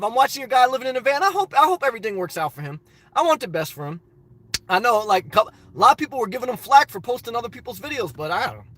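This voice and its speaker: A man's voice: extremely high pitch, fairly bright tone. A middle-aged man chatting casually on a live stream from his parked car, reading out viewers' messages and calling them brother.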